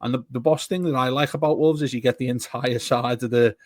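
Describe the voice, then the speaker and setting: A man's voice: mid-range voice, fairly even intonation, brisk, no echo, clean studio sound. A man co-hosting a football fan podcast, talking in a rambling, casual way with frequent restarts. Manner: rambling, restarts often, laughs while talking. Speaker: podcast co-host. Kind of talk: casual chat.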